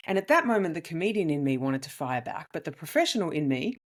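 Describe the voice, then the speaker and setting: A woman with a slightly low voice tells a story as a podcast host. Her delivery is animated and emphatic, with sudden leaps up in pitch on the words she wants to land. She speaks as a comedian recounting her own experience. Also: fast. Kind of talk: storytelling monologue.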